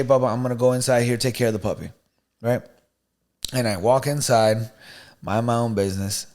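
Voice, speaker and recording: A man co-hosting a podcast, telling a story in a casual, animated, slangy way. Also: medium pitch. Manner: animated, slangy, "you know what I mean", "bro". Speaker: podcast co-host.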